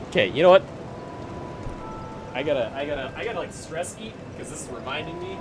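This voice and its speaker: A young adult streamer ranting casually while playing a video game, swearing freely and breaking into loud bursts of laughter. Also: medium pitch, lively intonation, brisk, pauses often, heavy background noise. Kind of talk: casual rant while gaming.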